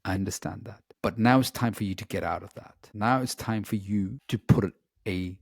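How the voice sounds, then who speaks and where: A man speaks earnestly and reflectively, telling a personal story as an interview guest. His voice sits slightly low, and he often pauses on "you know". The sound is dry and close, with no room echo. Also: vocal fry, husky.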